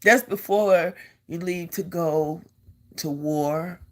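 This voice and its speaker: An older woman, a vlogger and army veteran, tells a personal story about her own experience in a low, slow voice, lingering over every word. She speaks earnestly and repeats phrases to drive her point home.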